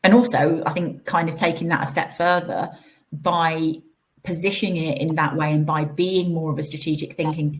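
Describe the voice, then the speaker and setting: A woman speaking as a guest on a live panel, animated and acting out the people she quotes. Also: low voice.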